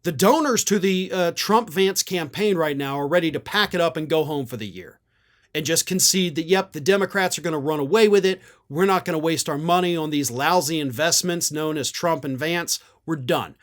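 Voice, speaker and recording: A man's voice: on the high side, moderate pace, fairly bright tone. Sarcastic male political commentator. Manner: sarcastic, combative.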